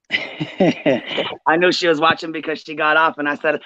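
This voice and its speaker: Brief: man, mid pitch, smooth resonant voice, a bit dull and dry over a call. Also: level tone, normal speed, pushed and bright. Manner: blunt, salty, laughs while talking. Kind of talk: casual chat.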